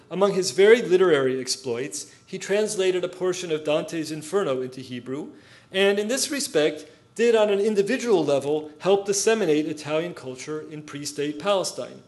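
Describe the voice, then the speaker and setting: A man giving an academic lecture, reading from his notes in a measured way, with spoken asides and quoted passages. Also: on the high side. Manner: measured, reads quotes aloud, adds asides.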